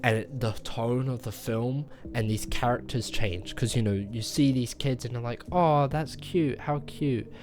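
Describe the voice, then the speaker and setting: A man's voice: mid-range voice, steady tone, moderate pace, hardly any pauses. A man giving a casual spoken movie review, rambling through the plot with lots of fillers and acted-out lines. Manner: rambling retelling with many fillers, acting out quoted lines.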